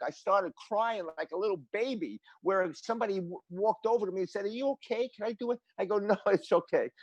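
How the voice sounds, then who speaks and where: A man's voice: high-pitched, dry recording. Rambling older New man, dry sound. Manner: animated, rambling, with many restarts. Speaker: celebrity guest drummer. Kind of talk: casual interview storytelling.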